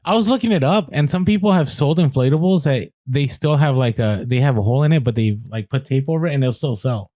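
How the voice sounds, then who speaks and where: A man's voice: mid-range voice, quick pace, hardly any pauses, mellow, no echo, clean studio sound. A man co-hosting a casual reselling podcast, chatty and full of fillers and restarts. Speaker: podcast co-host.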